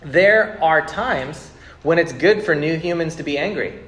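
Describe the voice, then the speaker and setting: A man's voice: on the high side, a little slow, fairly bright tone, echoey room. A man in his thirties preaching a sermon to a congregation, talking casually, repeating words and building to emphatic bursts. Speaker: pastor. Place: church sanctuary with congregation.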